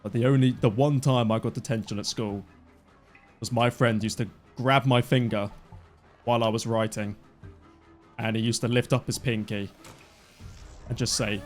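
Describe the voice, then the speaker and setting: A man in his twenties giving live, excitable commentary on his own gameplay as a streamer. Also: medium pitch, normal speed, long pauses, soft background music. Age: 20s. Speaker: gaming streamer.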